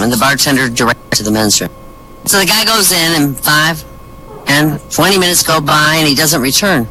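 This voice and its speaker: Bright-voiced man telling jokes. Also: fairly high pitch, a little fast, a little hiss or hum, poor audio. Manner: lively storyteller acting out the characters' lines. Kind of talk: stand-up joke telling in a voice chat room.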